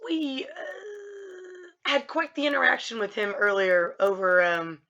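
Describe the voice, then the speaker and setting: A woman's voice: high voice, bright, forceful tone, voice pushed up, heavily acted. A woman voicing an awkward adventurer who halts with fillers, in a tabletop game. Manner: halting, filler-heavy. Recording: muffled lo-fi line.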